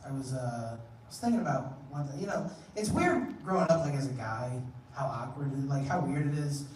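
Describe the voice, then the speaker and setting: A man's voice: mid-range voice, expressive, a little fast, a little mellow, distant mic. A young man performing a stand-up comedy set on a club stage, telling crude conversational stories and acting out quotes. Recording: roomy live club recording, noisy. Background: audience laughter.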